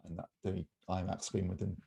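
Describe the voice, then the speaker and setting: A man's voice: low voice, little pitch movement, fast, creaky, mellow, slightly rough. A man in his fifties, a podcast co-host, chatting casually in a wry, rambling, joking way. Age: 50s. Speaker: reviewer and co-host. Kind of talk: casual chat.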